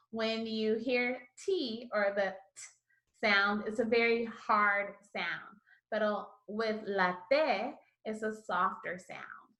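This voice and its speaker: A woman teaching a Spanish lesson, calmly modeling syllables for learners to repeat. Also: medium pitch, echoey room. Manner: slow, encouraging, models syllables for repetition. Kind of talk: online language lesson.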